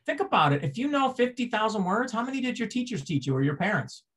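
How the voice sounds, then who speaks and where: A man delivers a seminar lecture in a voice a little higher than most men's. He explains patiently, poses rhetorical questions and answers them himself, and often restarts his phrases. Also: sing-song, fast, a bit bright, breathy edge.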